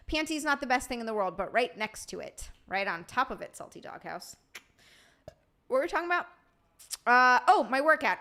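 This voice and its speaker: Bubbly streamer girl rambling to chat, kinda high, bright voice. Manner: bubbly, reads chat aloud, rambling asides. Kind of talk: casual live-stream chat.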